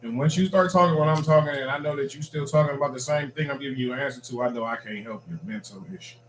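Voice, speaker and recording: A man's voice: fairly high pitch, quick pace, far from the mic, a crowd in the background. Laid-back joking man in casual chat. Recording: echoey room with faint noise.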